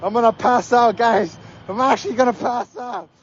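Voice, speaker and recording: A hoarse young man livestreaming outdoors on a snowy street, excitedly yelling shout-outs to viewers. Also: very high voice, normal speed, lo-fi sound, a crowd in the background. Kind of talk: live stream reading out viewer donations.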